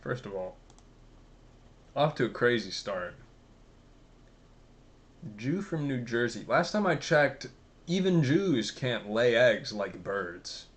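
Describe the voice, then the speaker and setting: A man's voice: mid-range voice, big pitch swings, takes it slowly, pauses often. A man giving casual, rambling commentary on a video, sarcastic and full of swearing. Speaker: commentary vlogger.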